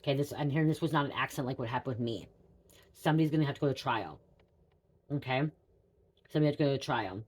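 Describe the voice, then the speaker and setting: A woman's voice: a bass voice, fast talker, long pauses, darkish tone, slight background noise. A woman psychic telling a personal story to her viewers in a rambling, repetitive way, swearing casually and often saying "you guys.". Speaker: psychic reader.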